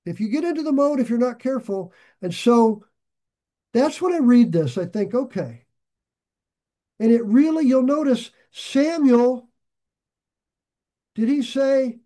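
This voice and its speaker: A man preaching a sermon in an earnest, conversational way, with sarcastic asides and sudden swings between loud emphasis and quiet drops. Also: extremely high pitch, lively intonation, a little slow, pauses often. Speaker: pastor.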